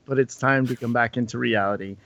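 A man co-hosting a podcast in casual chat, animated and often repeating words as he starts a thought. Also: mid-range voice, fast, vocal fry. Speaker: podcast co-host. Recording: dull lo-fi sound.

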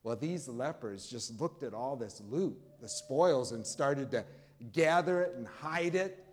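Male pastor, mid-pitched, conversational sermon delivery with emphatic stresses. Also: expressive. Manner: preaching, warm conversational pauses, emphatic rises. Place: church.

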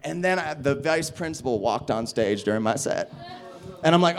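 A young adult man, a stand-up comedian, telling a story in an interview, profane and animated, acting out other people's voices. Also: medium pitch, normal speed.

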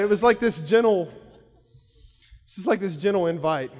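Pastor, 30s, male, slightly high voice, chatty story-led preaching, long hall reverb. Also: moderate pace. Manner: conversational storytelling, shouts when acting out quotes. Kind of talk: sermon.

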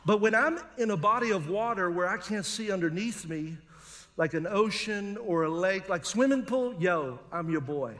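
A man's voice: sits high, animated, moderate pace, fairly bright tone. A middle-aged male pastor, preaching a sermon in a conversational, humorous storytelling manner. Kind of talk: sermon with personal stories.

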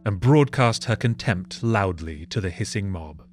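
A man narrating a comedic history story with sardonic, deadpan asides. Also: lowish voice, measured pace, music in the background.

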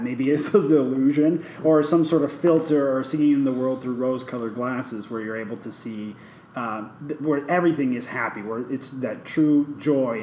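A young man telling a story casually in a group brainstorm, animated and laughing often as he acts out the people he quotes. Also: medium pitch, slight background noise. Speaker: participant in a character brainstorm. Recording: echoey room with faint ambience.

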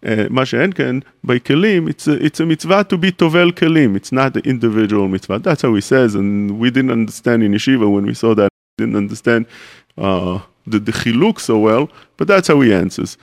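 A man's voice: medium pitch, expressive, a little fast, gravelly. A man, a rabbi, giving a radio Torah class, explaining step by step, asking questions and answering them, with Hebrew terms mixed into his English.

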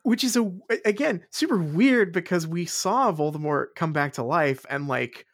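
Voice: mid-range voice, lively intonation, moderate pace, no echo, studio quality. A podcast co-host rambling through a book discussion, repeating words and laughing often.

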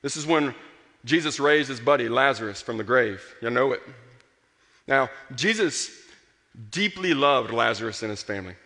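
Delivering an animated sermon at normal speed, this pastor swells into forceful emphasis and then drops to quiet, his medium-pitched voice bright and touched with vocal fry. The sound echoes with long reverb, like a big hall.

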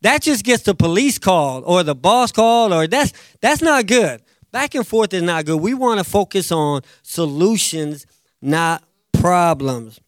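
A man preaching a sermon as pastor, animated, acting out quotes and swinging between loud bursts and hushed asides. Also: high voice, a little slow, no room sound, clean studio sound. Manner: animated, acts out quotes, jumps loud and soft.

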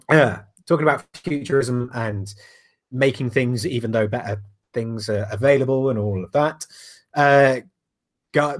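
A man hosts a podcast in a loose, rambling way. He swears casually as he chats. His voice sits at a middling pitch. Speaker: podcast host. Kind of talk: casual chat.

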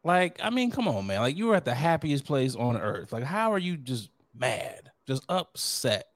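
A young man co-hosting a podcast in casual chat, animated, laughing often and acting out quotes. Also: medium pitch, moderate pace, no room sound, studio quality. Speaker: podcast co-host.

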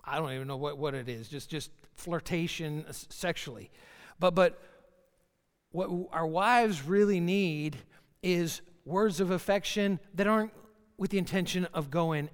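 A man's voice: a little high, smooth. A middle-aged male pastor preaching a sermon in a folksy, joking way, acting out little scenes. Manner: folksy, joking, with acted asides. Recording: reverberant hall.

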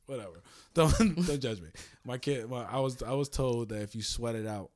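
A man in casual podcast chat, telling stories loudly and animatedly and swearing a lot. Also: mid-range voice, normal speed, hardly any pauses, a little hiss or hum.

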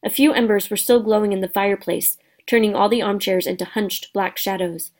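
A woman reading a children's storybook aloud as narrator, steady and expressive. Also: medium pitch, fairly quick. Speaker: audiobook narrator.

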